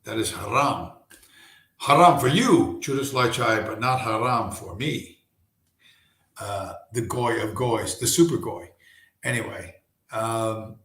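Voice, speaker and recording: A man hosting a casual late-night livestream from home, hoarse and losing his voice, talking in a rambling, profane way full of restarts. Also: mid-range voice, normal speed, fairly bright tone, roomy sound. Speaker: livestream host.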